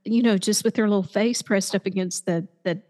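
A woman's voice: mid-range voice, steady tone, brisk, a little mellow, in a large hall. A woman from Tennessee, telling a family story in casual chat as a co-host and acting out the voices of people she quotes.

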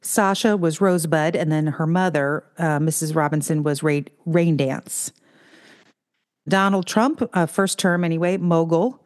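A woman co-hosting a casual chat over a remote call, talking in an animated, storytelling way. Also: low-pitched, a little slow. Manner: chatty, animated storytelling with put-on quote voices.

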